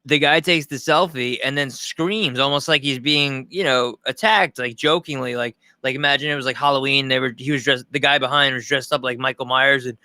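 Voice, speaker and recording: A man from Long Island talks loosely on a livestream, swearing freely and tripping over his own restarts. His voice is bright and forward, at a middle pitch. The sound is dry and close. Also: fairly even intonation, fairly quick, hardly any pauses, dry recording. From Long Island, New York. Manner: rambling, profane, frequent restarts. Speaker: streamer reacting to a news clip. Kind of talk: casual livestream commentary.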